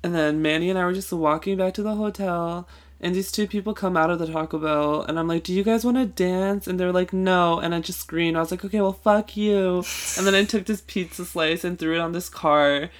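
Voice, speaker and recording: A man's voice: high voice, fairly even intonation, fairly quick, fairly bright tone. A young man in his twenties co-hosting a podcast, telling a long story in casual chat, filled with "like" and swearing. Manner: rambling, full of "like" fillers and swearing. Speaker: podcast co-host.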